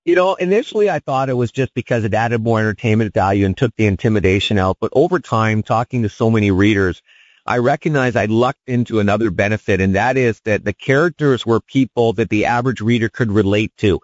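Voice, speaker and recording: A man, an author appearing as a radio guest, explaining his approach with animated enthusiasm. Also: on the low side, brisk, dry recording. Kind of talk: radio interview. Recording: dull lo-fi broadcast sound.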